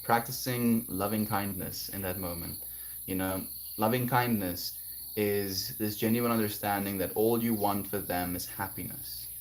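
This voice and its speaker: A man livestreaming, chatting gently and affectionately with viewers about kindness and spirituality. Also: a little hiss or hum. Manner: gentle, spiritual, affectionate, breaks into high laughing bits. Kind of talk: casual chat reading viewer comments.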